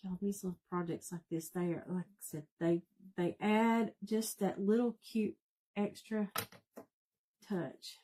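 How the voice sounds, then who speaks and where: A woman's voice: mid-range voice, steady tone, a little slow, mellow. A woman with a Southern US accent hosting a casual live craft demonstration, chatting folksily and greeting viewers by name as she works. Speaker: craft tutorial host. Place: home craft room.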